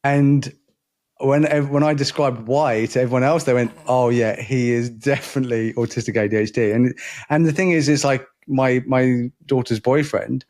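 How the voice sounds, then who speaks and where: A man in casual podcast conversation, speaking at a middle pitch. He rambles, restarts his sentences and laughs often. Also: fairly even intonation, normal speed, darkish tone. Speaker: podcast co-host. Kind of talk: casual chat.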